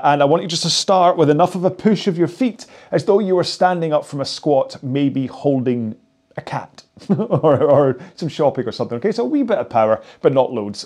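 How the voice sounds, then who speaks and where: A man's voice: a little high, darkish tone. A man coaching an indoor rowing workout in a chatty, joking way while he rows along on a machine. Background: faint music.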